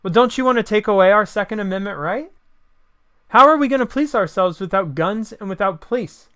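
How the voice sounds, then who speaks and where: A man gives a combative opinion monologue, firing off one sarcastic rhetorical question after another. His voice sits high and sounds bright and forceful. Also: lively intonation, brisk, smooth. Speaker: political commentator.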